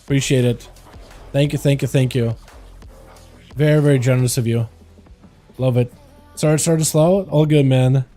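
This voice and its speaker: A young man casually commenting on his own gameplay during a live stream, chatting with his teammates in a relaxed, talkative way. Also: medium pitch, normal speed, pauses often, faint music behind. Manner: laid-back, chatty, talks to teammates.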